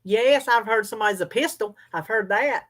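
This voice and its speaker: Speaking briskly in a fairly high, slightly bright voice, a woman from North Carolina hosts a livestream. She's chatty and folksy in an easygoing Southern way, laughing easily as she responds to what viewers write.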